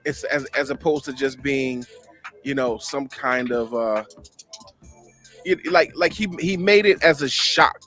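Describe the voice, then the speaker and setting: A man co-hosting a podcast, giving measured counterpoints in a casual debate, with frequent stops and restarts. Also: medium pitch, sharp tone, faint music behind. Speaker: podcast co-host.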